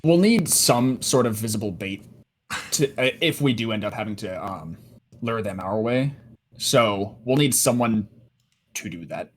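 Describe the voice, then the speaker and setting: A man playing a tabletop game, thinking his plan through aloud with many pauses and fillers. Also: fairly low pitch, lively intonation, slight background noise. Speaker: player. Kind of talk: casual tabletop planning talk.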